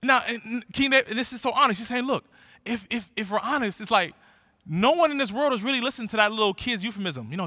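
A man in his forties preaching a sermon in a lively, conversational way, often restarting his words. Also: very high-pitched, quick pace, no echo, clean studio sound. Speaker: pastor.

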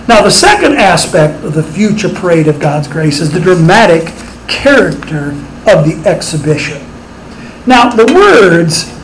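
A man's voice: high voice, slight background noise, rough recording. A middle-aged man preaching a sermon as pastor, emphatic and rising on his rhetorical questions.

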